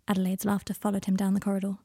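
A woman podcast host reading her fan fiction aloud in a soft, even storytelling manner. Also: mid-range voice, very fast, slightly rough, no echo, studio quality.

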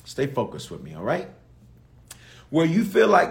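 A man preaching with a lively, swinging delivery, repeating short phrases again and again for emphasis. His voice sits a little high and has a gravelly edge. He talks straight to the people watching. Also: unhurried, long pauses. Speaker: bishop preaching. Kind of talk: sermon. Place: livestreamed service, reading viewer comments.

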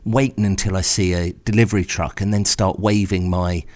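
Sex: male. Role: storyteller. Pitch: low. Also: moderate pace. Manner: wry, exasperated, animated retelling. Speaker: podcast storyteller host. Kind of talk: first-person storytelling.

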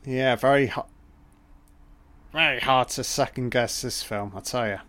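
Young male commentator, middle pitch, loose and profane, reacts out loud to every twist. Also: unhurried. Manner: swears a lot, exclaims in surprise. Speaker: film commentator.

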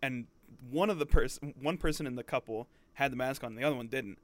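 A young man in his twenties shares stories on a podcast in an easygoing, agreeable way. His voice sits at a middle pitch, and he lets out frequent chuckles. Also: fast, dry recording. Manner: laid-back, chuckling, agreeable. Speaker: podcast co-host. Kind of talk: casual chat.

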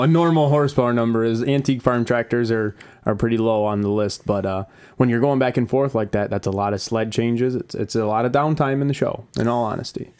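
A man's voice: medium pitch, a little mellow, clean tone. A man appearing as a guest on a casual podcast, earnest and full of praise, with a dry teasing streak. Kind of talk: casual chat.

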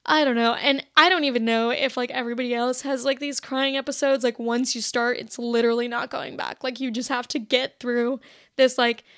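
Hosting her podcast, a young woman confesses a story casually, peppering it with "like" and performing quotes from her younger self. She sounds a bit shaky and emotional, her slightly high, fairly bright voice level in tone and brisk. The recording is studio quality with no room sound.

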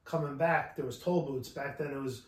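A man co-hosting a podcast, casually recounting stories with loose swearing. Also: mid-range voice. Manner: laid-back, profane, quick affirmations. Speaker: podcast co-host. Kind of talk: casual storytelling chat. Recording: roomy, distant mic.

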